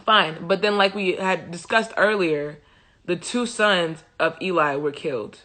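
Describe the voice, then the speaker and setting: A young woman hosting a livestream, retelling a Bible story in a humorous, slangy, animated way into a phone mic. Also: lowish voice, a little slow. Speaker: host. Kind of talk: casual Bible study retelling.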